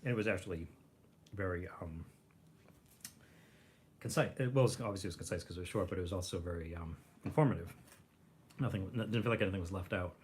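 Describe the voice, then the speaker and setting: A man hosting a casual livestream, rambling, clearing his throat and chewing as he talks. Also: low-pitched, fast talker, long pauses. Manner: rambling, clears throat, chews while talking. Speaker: livestream host reviewing rations.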